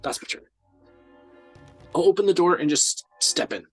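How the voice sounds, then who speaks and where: A man's voice: sits high, normal speed, breathy edge, no room sound, soft background music. A man playing a tabletop game, talking casually and hesitantly with frequent ums. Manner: casual, hesitant, many ums, laughs easily. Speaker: player.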